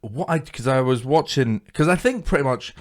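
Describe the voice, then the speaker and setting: Comedian co-host, relaxed mid voice, laughs easily, chatty. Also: male voice, mid-range voice. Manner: easygoing, laughs often, quick agreeing asides. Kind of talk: casual chat.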